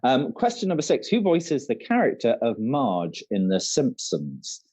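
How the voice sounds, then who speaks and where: A man's voice: medium pitch, huge pitch swings, measured pace, a little mellow, breathy edge. A man co-hosting an online quiz, reading each question twice and chatting between them. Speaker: quiz co-host.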